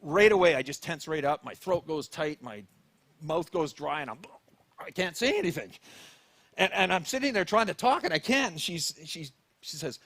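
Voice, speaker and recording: Canadian guy preaching, tells a story and does all the voices, kinda high voice, dry sound. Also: lively intonation, moderate pace, fairly bright tone, no room sound. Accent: Canadian English. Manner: acts out his own thoughts and quotes with shifting voices. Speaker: pastor. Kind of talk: sermon with personal story.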